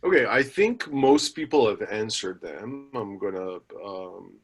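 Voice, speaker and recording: A man's voice: on the low side, lively intonation, unhurried, breathy edge, soft background music. A man moderating a business webinar, reading the housekeeping and speaker introductions with some fillers and restarts. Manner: reads announcements with fillers and small restarts.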